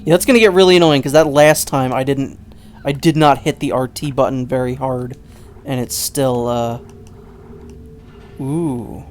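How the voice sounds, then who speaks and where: A man's voice: medium pitch, fairly even intonation, moderate pace, long pauses, slight background noise. A man giving rambling, chatty, self-mocking commentary while playing a game. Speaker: gameplay commentator. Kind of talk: casual let's-play commentary.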